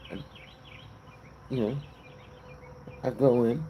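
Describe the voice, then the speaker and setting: A man voicing a crude joke character who explains himself in a calm, matter-of-fact way. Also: medium pitch, slow pace, a little hiss or hum, poor audio. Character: deadpan crude adult male joke character.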